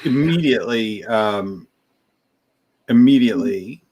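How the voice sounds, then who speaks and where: A man co-hosting a casual podcast chat, speaking haltingly with many restarts as he tries to stay calm. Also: on the low side, husky.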